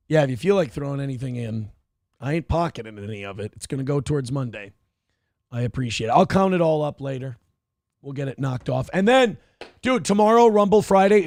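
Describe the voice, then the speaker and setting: A man in his thirties hosts a live stream in a gravelly, fry-heavy voice pitched a bit higher than usual. His crude, casual commentary is brash and mocking, punctuated by sudden yelled outbursts. The recording is dry and close, with no room sound or echo.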